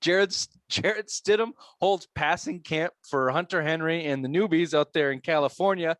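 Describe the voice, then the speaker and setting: Higher-voiced man hosting sports talk. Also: a bit bright, clear, resonant tone, no room sound, studio quality. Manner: joking, laughing, swears freely. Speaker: sports podcast host.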